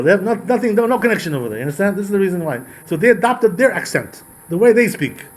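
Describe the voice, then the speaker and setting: A man's voice: high voice, big pitch swings, fast talker, hardly any pauses. A man, a rabbi giving a Torah lesson in an emphatic style full of rhetorical questions and repeated phrases. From Georgia.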